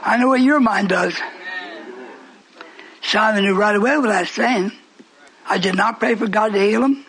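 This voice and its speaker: A man preaching a fiery sermon, speaking emphatically and breaking into shouts. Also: sits high, normal speed, low-quality recording.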